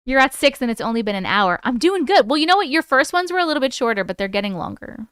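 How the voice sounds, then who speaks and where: A woman's voice: high-pitched, big pitch swings, fast, fairly bright tone, clear, resonant tone, dry recording, clean studio sound. A woman with a New York accent hosting a livestream, reading viewer stories aloud and chatting casually, swearing freely and laughing often. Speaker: livestream host.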